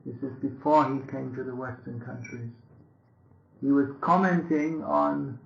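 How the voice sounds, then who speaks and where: An Englishman lecturing on scripture gives a dry, conversational sermon packed with restarts and tangents. His mid-range voice is steady, a little slow, and creaky, captured in a lo-fi, echoey room.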